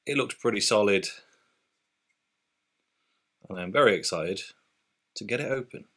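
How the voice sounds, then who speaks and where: A man's voice: on the low side, measured pace, a bit bright, husky. A British man hosting a casual beer review vlog, chatty and upbeat with loose fillers. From Britain.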